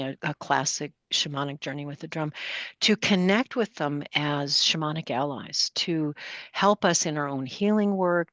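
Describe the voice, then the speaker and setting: Podcast guest: woman in her 60s, low-pitched, measured and reflective, dry close sound. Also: fairly bright tone, dry recording, highs cut off. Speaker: guest astrologer. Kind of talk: podcast interview.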